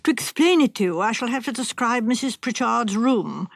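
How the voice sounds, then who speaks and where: A woman narrating a mystery audiobook in a measured, even storytelling manner. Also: on the high side, gravelly, no echo, studio quality. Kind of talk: scripted narration.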